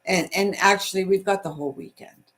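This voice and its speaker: Speaking briskly in a mid-range voice, a middle-aged Canadian woman with a Canadian accent leads a spiritual live stream. She keeps the casual chat soothing and friendly while reading out what viewers write.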